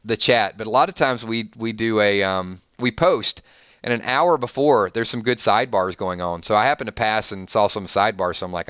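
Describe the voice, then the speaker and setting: A man's voice: fairly low pitch, animated, brisk, fairly bright tone, smooth, no room sound, studio quality. A man from Georgia with a Southern accent, hosting a casual live stream and reading out viewer names in a rambling, friendly way. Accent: Southern American. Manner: chatty, reads viewer names, rambling restarts. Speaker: streamer host.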